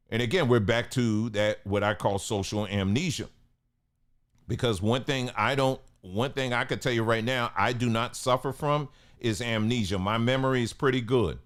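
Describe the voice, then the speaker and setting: A man's voice: mid-range voice, moderate pace. A man hosting a commentary monologue, talking casually and emphatically, with loose colloquial grammar and rhetorical questions to his viewers. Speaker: commentary channel host.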